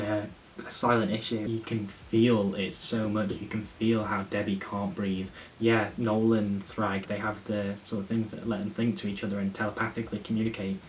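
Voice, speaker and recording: A man talking through a casual review, rambling and enthusiastic, swearing when he gets worked up. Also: lowish voice. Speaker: comic reviewer. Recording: faint hiss, slightly distant mic.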